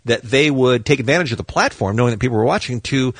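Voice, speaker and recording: A man co-hosts a radio show and runs through entertainment news in a quick, chatty way with many fillers. His voice is husky and his pitch moves a lot. The sound is dry and close. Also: expressive, dry recording. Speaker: radio co-host.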